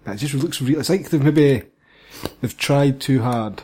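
Husky Scottish man, dry sweary chat. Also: medium pitch, moderate pace, warm tone. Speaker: podcast co-host. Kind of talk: casual film review chat.

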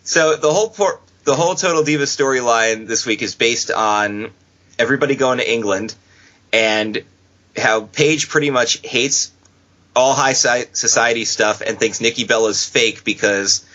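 A man hosting a casual podcast, chatting and joking with quick asides. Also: mid-range voice, sharp tone. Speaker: podcast host. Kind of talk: casual wrestling podcast chat. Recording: dull lo-fi podcast audio.

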